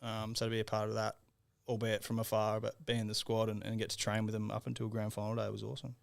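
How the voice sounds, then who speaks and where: A gravelly-voiced young Australian man with an Australian accent, chatting as a podcast guest. He talks in a relaxed, easygoing way and tells his stories with frequent laughs. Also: on the low side, quick pace. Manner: relaxed, laughs often, laid-back storytelling. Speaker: podcast guest, former footballer. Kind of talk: casual interview chat.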